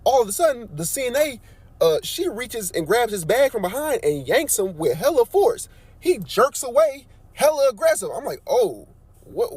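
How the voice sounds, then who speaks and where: A man with a high, light voice tells a work story at a quick clip. He is animated and slangy, and his voice leaps up whenever he quotes himself or his coworkers. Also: husky. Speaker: nursing aide on night shift. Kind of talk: casual storytime.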